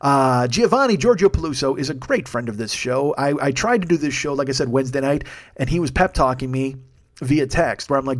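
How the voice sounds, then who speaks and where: This man speaks in a mid-range voice at a fairly quick clip. As the solo host of a comedy podcast, he unleashes a heated, constantly sweary rant and then rambles self-deprecatingly while thanking his crew.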